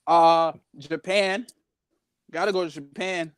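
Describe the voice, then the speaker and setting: A young man chats as a podcast guest with boastful, playful swagger. His voice sits a little high and the sound is dry and close. He talks in loose, animated bursts. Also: slow pace, clean tone, dry recording. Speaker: guest wrestler. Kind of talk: casual live podcast interview.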